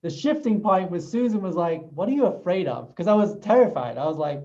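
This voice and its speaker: A man's voice: high-pitched, big pitch swings, a little fast, hardly any pauses, darkish tone, highs cut off. A man co-hosting a talk show, earnestly sharing a personal experience and laughing often. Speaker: podcast co-host. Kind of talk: casual conversation.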